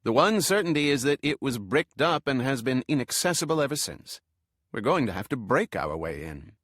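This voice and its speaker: A male narrator voicing a brisk, formal male museum director. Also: mid-range voice, sing-song, a bit bright, no echo, studio quality.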